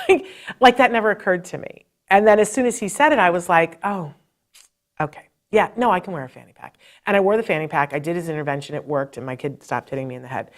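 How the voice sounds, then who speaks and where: Animated woman hosting a live advice show. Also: on the low side, quick pace. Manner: animated storytelling, talks straight to viewers. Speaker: host.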